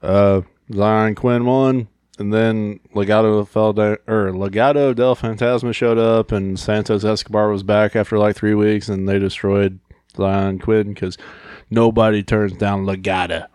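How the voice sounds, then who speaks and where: Low-voiced man recapping wrestling, dry room. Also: little pitch movement, measured pace, darkish tone, smooth, dry recording. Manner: profane, laughs often, recaps matches. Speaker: podcast co-host. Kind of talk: casual wrestling chat.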